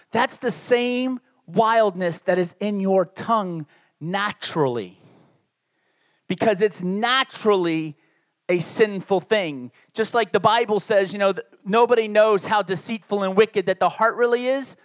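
A younger man preaching a sermon in a conversational, animated way, with asides and restarts. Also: high-pitched, moderate pace, no echo. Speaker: pastor.

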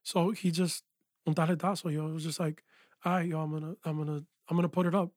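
A man, a music producer and engineer, telling his story in a casual interview with animated energy, saying "yo" and "like" a lot. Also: a little high, fast talker, dry recording, clean studio sound. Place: small recording studio.

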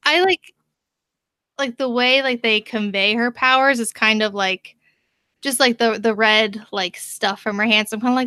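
Bright-voiced woman, enthusiastic. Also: mid-range voice, steady tone, normal speed, clear, resonant tone, no room sound. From United States. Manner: enthusiastic, lots of "like". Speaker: podcast co-host. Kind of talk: casual chat.

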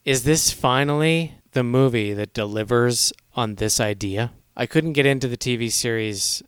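A man's voice: mid-range voice, normal speed, smooth, no room sound, clean studio sound. A man hosting a casual movie chat, blunt and sarcastic, with some swearing. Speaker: podcast host.

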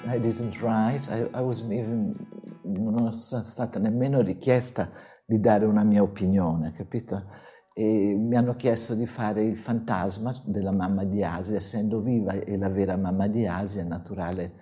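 A woman's voice: very deep voice, fairly even intonation, moderate pace, warm tone, faint music behind. A woman answering in an archival interview, hesitant and searching for words.

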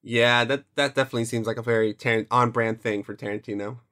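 A man's voice: medium pitch, steady tone, quick pace, bright, forceful tone. Blunt, candid podcast man. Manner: blunt, candid, swears casually. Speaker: podcast co-host. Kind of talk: casual podcast chat.

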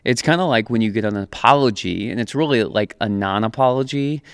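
A young man preaches in an easygoing, conversational way, laughing often and acting out quotes. His voice sits at a middling pitch. The sound is dry and close, with no room echo. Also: a little fast, clear, resonant tone. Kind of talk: conversational sermon.

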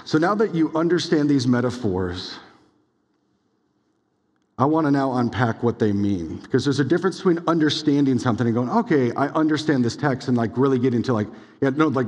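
A young adult man preaching a sermon as pastor, casual and animated, full of "like"s and quick asides. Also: mid-range voice. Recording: long hall reverb.

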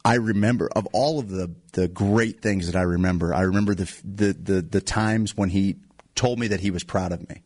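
A man hosts a casual radio talk show in a dry, close studio sound. His voice sits low. He comes across as reflective and encouraging. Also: steady tone, normal speed, darkish tone, no room sound.

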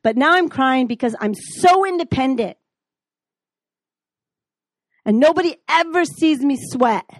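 A middle-aged woman teaching the Bible, telling her own story in a lively way and acting out the dialogue. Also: high voice, unhurried, pauses often, dry recording. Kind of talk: teaching with personal testimony. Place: classroom.

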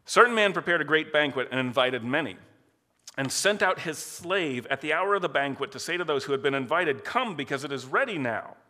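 A man preaching a sermon with a bright, fairly high voice that swings widely up and down as he talks. His manner is casual and conversational, and he laughs often. The sound rings with the long reverb of a large hall. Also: lively intonation, brisk.

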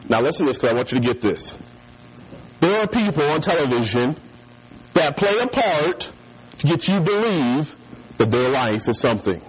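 A man's voice: fairly high pitch, normal speed, pauses often, husky, rough recording. A man preaching a sermon and telling a childhood story, acting out the voices of the people in it. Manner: animated storyteller who acts out voices.

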